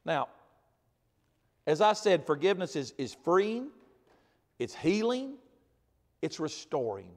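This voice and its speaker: A man preaching a sermon as pastor, swinging from loud emphatic repetition to quiet asides. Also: on the high side, sing-song, takes it slowly, pauses often, long reverb tail.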